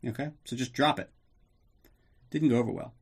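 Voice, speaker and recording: A man's voice: medium pitch, normal speed, breathy edge. A man hosting a podcast, recapping a film casually in a rambling, sarcastic way with lots of swearing. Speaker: podcast host.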